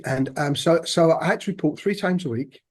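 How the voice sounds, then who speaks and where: A man, a podcast guest telling his own story in a halting, reflective way. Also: fairly high pitch, darkish tone, breathy edge. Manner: halting, reflective, many restarts. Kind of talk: personal storytelling interview.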